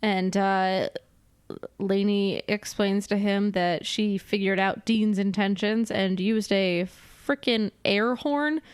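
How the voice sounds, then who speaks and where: A woman's voice: medium pitch, fairly even intonation, slow, clear, resonant tone, dry recording, clean studio sound. A woman co-hosting a casual podcast, recapping a film scene by scene, chatty and laughing often. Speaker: podcast co-host.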